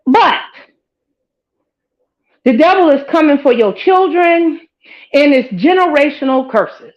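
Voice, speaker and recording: Animated, higher-voiced woman preaching to viewers. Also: takes it slowly, long pauses, dull audio. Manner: animated, preachy, talks straight to viewers with "girl" and "child". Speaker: host of her own live-commentary channel. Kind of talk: casual rambling commentary to viewers.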